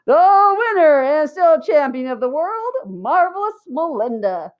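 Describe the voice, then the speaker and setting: Bossy giggly schoolgirl, high and mocking, voiced by a woman reader; storybook audio, a bit dull. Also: very animated, unhurried. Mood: shrill chanting. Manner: shrill, mocking sing-song. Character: bossy teasing schoolgirl, loud and giddy.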